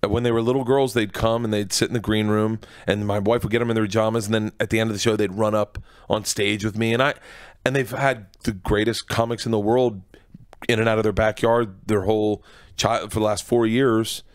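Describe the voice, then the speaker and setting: A stand-up comedian from Florida, USA, tells stories during a radio studio interview, laughing and acting out the people he quotes. His voice is on the low side, level and smooth, and he speaks briskly. The recording is dry.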